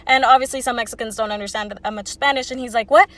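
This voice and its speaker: A woman's voice: on the high side, steady tone, fast talker, a bit bright, no echo. A woman in her twenties telling a casual storytime, rambling and swearing freely with lots of "like". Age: 20s. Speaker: vlogger.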